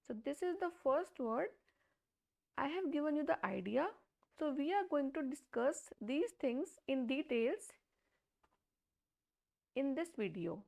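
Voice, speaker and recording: A high-voiced woman teaches a beginners' pronunciation lesson. She speaks slowly and deliberately, repeating each example word, and her voice has a gravelly, creaky edge. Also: darkish tone. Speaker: language teacher. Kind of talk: slow step-by-step pronunciation lesson.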